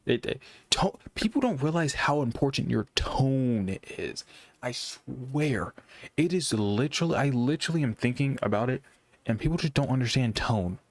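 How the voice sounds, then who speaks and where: A young man talking casually about gaming, in a monotone voice that he says makes him sound sarcastic, rambling with frequent restarts. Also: mid-range voice, dry recording. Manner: rambling, halting with many restarts. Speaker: gaming commentator. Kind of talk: casual monologue.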